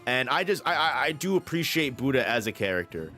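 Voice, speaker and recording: A male manga reviewer gives casual commentary in a mid-range, sing-song voice that sounds pushed and bright, and he talks fairly quickly. Easygoing and foul-mouthed, he rambles with profanity and restarts his thoughts, full of enthusiasm, while light music plays underneath.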